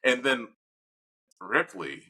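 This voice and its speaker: A man's voice: mid-range voice, sing-song, slow pace, pushed and bright, slightly rough, low-quality recording. A man co-hosting a casual podcast, talking through his opinions in long rambling turns with restarts. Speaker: podcast co-host. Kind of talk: casual chat.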